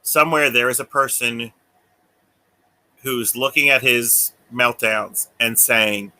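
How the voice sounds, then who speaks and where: Bright-voiced rambling man. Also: mid-range voice, fairly even intonation, slow. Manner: rambling, often laughs and acts out quoted voices. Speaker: podcast co-host. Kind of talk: casual chat.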